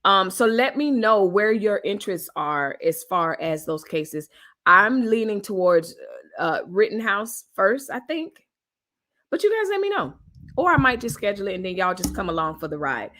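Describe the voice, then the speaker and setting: A woman's voice: mid-range voice, very animated, moderate pace, a bit bright. A woman hosting a casual live news commentary stream, chatting colloquially with her viewers and reading their comments.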